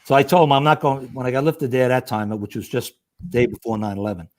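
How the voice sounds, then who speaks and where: Rambling older New York storyteller. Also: male voice, mid-range voice, quick pace, slight background noise. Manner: animated storyteller who acts out quoted voices and rambles. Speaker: retired fire lieutenant, podcast guest. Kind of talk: casual storytelling chat.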